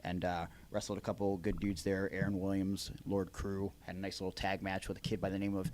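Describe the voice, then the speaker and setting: A man's voice: low voice, completely flat delivery, a little fast, a little mellow, slight background noise. A man hosting a podcast, recounting his week in a rambling, hesitant way with many restarts. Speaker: podcast host. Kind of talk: casual podcast chat.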